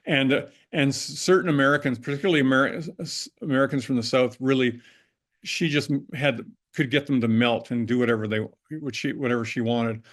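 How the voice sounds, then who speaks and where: An older man recounts stories from his working life in a relaxed, conversational way. He wanders through his sentences, often restarting and correcting himself mid-thought. His voice sits at an ordinary middle pitch for a man. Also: a little fast. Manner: rambling, with frequent restarts and self-corrections. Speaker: interview guest, former prop master. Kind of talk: casual anecdotal storytelling.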